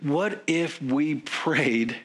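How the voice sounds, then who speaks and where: A man's voice: fairly high pitch, animated, drawn-out words. A man preaching a sermon in an earnest, conversational way, asking his congregation questions. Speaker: pastor.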